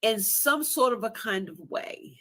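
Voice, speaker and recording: A woman's voice: fairly high pitch, expressive, measured pace, fairly bright tone. A woman guest on a live stream, speaking in a heartfelt, emotional way. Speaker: guest podcaster. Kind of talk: casual live-stream chat.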